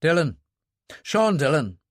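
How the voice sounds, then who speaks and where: A man reading an audiobook, voicing a calm, watchful Irish man, a seasoned operative with a dry manner. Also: on the high side, unhurried, no room sound, pitched above the performer's own voice.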